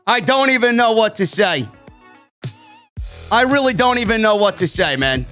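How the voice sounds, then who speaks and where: A man from New York hosting a live-stream wrestling review, excitable and profane, tacking "man" onto his sentences. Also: high-pitched, normal speed, soft background music. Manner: excitable, swears freely, keeps saying "man".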